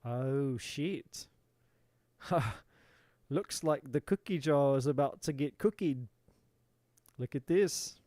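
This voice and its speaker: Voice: medium pitch, slow, pauses often, mellow, no room sound. Profane, theatrical tarot reader. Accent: playful put-on British. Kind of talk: live tarot reading.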